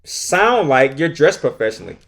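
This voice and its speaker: A man's voice: mid-range voice, sing-song, normal speed, gravelly, fairly bright tone. A male teacher hosting a podcast, giving advice in an emphatic monologue that repeats key points and keeps checking in with the listener. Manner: acts out his own classroom lines.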